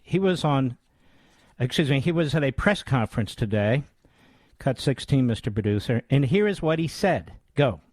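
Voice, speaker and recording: A man's voice: mid-range voice, animated, moderate pace, darkish tone, dry recording. A talk radio host in his sixties holds forth in a combative, scornful tone. His voice sits mid-range and is recorded close and dry, with no room sound. He leans hard on key words. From United States. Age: 60s.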